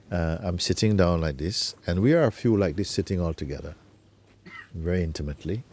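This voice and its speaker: A man acting as a spiritual teacher, talking gently and unhurriedly in an informal talk, often adding tag questions like "you see". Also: deep voice, slight background noise.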